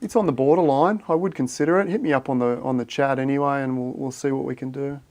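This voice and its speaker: A chatty man talks through ideas on a casual livestream at a mid-range pitch. He thinks out loud and answers viewers in a friendly, matey way. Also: fast. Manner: thinks aloud while reading viewer chat, matey and chatty. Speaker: livestream host.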